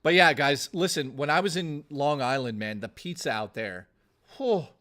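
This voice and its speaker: A man's voice: a little high, lively intonation, normal speed, pushed and bright. A man streaming live, chatting casually with his viewers in a blustery, profane rant. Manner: profane, blustery ranting to chat.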